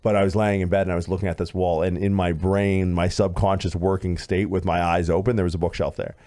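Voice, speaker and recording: A man in his thirties co-hosting a podcast, telling a story in casual chat, animated and swearing, acting out what others said. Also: sits low, fast. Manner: animated, swearing, acts out quoted voices loudly. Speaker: podcast co-host.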